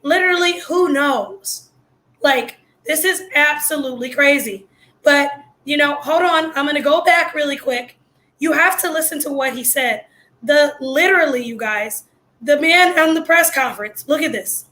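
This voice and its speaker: A woman hosting her own video channel, reacting to news in blunt, excitable, slangy casual commentary while losing her voice. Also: high voice, normal speed.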